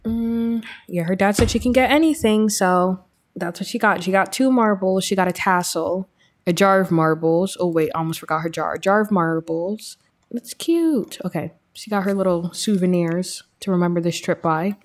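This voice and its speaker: A woman hosting a let's-play, giving chatty, excitable commentary as she tells her game's story. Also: lowish voice, normal speed. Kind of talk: casual gameplay commentary.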